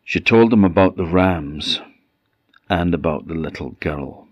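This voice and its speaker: A man telling a folk tale in a slow, solemn, expressive manner. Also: sits low, husky, no echo, lo-fi sound. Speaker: storyteller.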